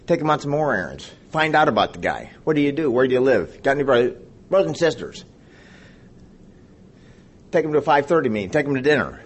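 A man's voice: medium pitch, big pitch swings, quick pace, pauses often, slightly rough. A man in his fifties sharing his story at a recovery meeting, a rambling storyteller who jokes with the audience. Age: 50s. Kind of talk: personal testimony to an audience.

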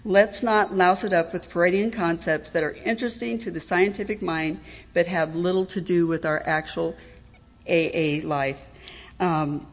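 A woman's voice: fairly low pitch, steady tone, a little slow. Middle-aged woman, frank and self-mocking meeting speaker, dull recording with long hall reverb. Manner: candid, wry, self-deprecating, laughs often. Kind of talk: personal testimony talk.

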